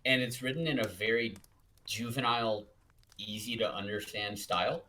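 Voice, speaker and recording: A man's voice: fairly low pitch, moderate pace, sharp tone, slight background noise. A young man co-hosting a casual comedic book review, laid-back and sardonic, swearing casually. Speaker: podcast co-host.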